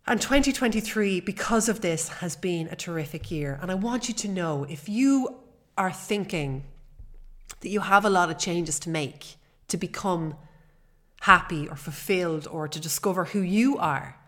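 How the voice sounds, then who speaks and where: A woman's voice: mid-range voice, expressive, unhurried, a bit bright. A woman, hosting a personal podcast in an earnest, chatty way with fillers. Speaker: podcast host.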